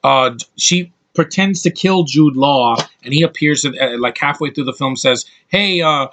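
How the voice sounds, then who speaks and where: A man talks through his take on a movie in an unscripted, opinionated ramble. He often cuts himself off and starts his sentences over. His pitch sits in the ordinary middle range for a man. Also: normal speed, fairly bright tone, slight background noise. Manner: rambling and opinionated, with frequent restarts. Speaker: movie reviewer. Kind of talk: casual film review.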